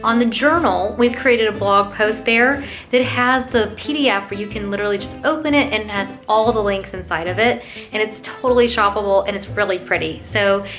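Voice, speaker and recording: A woman hosting a chatty lifestyle vlog, her voice clear and bright at a middling pitch. She gushes and exclaims as she addresses viewers directly as friends, with soft music playing underneath. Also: brisk. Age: adult parent. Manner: gushing and enthusiastic, lots of "oh my gosh"; warm, talks straight to viewers as "you guys". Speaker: lifestyle channel host. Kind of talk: chatty gift-guide vlog.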